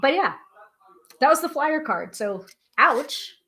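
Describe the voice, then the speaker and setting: A woman hosting a live tarot stream, chatting casually and reading aloud from a guidebook, self-deprecating and a little halting over hard names. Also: high voice, very animated, bright, forceful tone. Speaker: tarot reader and livestream host.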